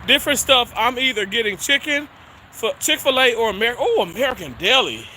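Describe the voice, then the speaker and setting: This man's very high-pitched voice is sing-song, brisk, pushed and bright as he livestreams outdoors on a snowy street. He laughs often and is a bit winded from walking uphill while chatting casually with viewers. Slight background noise can be heard.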